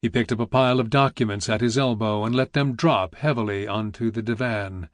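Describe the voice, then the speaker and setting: A man narrating a historical novel in a measured, even storytelling voice into a close studio mic. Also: lowish voice, dry recording. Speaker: audiobook narrator. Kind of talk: scripted narration.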